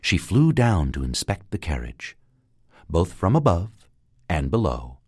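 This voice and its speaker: Deep-voiced man reading a storybook aloud. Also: a little slow, husky, dry recording, clean studio sound. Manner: lively, expressive reading. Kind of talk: storybook narration.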